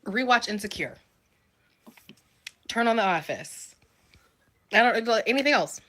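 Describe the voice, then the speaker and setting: A woman in a short social video, quietly and drily telling viewers to skip something. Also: mid-range voice, expressive, normal speed, pauses often.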